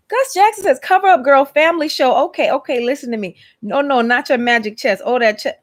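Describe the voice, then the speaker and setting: A woman from Atlanta, hosting a casual livestream chat. She is chatty and expressive, and she calls her listeners "honey" and "y'all.". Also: high voice, brisk. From Atlanta, Georgia, USA. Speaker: host.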